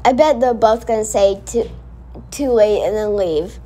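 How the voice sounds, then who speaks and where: A woman with a medium-pitched voice hosts a casual reaction video, speaking unhurriedly. She's excitable and rambling, often correcting herself.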